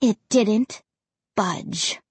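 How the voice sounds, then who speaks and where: A woman's voice: extremely slow, darkish tone, slightly rough, no echo. A woman narrating a spooky children's novel aloud, acting out the characters' lines with dramatic energy. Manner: dramatic, voices characters with big pitch jumps. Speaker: audiobook narrator. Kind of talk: expressive audiobook narration.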